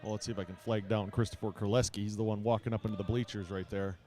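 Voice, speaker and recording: A man's voice: on the low side, steady tone, fast, warm tone. A man doing casual play-by-play commentary for a school basketball game, chatting with the audience between plays. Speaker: play-by-play announcer for a school team. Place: high school gym.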